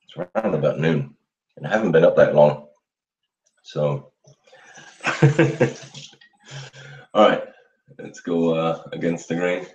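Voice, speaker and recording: A man hosting a casual live show, chatting in a relaxed, rambling way with his viewers while he shaves. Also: a bass voice, moderate pace, long pauses. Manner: relaxed, rambling, chuckles often, talks to viewers. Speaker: livestream host. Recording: roomy dull lo-fi sound.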